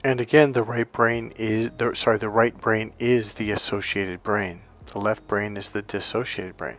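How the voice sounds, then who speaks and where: A man's voice: on the low side, steady tone, moderate pace, fairly bright tone, faint music behind. A male dating and relationship coach telling stories in a casual, rambling monologue full of restarts and asides.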